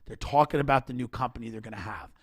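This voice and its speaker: A man telling comedic stories in a casual podcast chat, animated and rapid-fire, acting out the people in his stories. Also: medium pitch. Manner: animated, rapid-fire rants, acts out characters in quotes. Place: podcast studio.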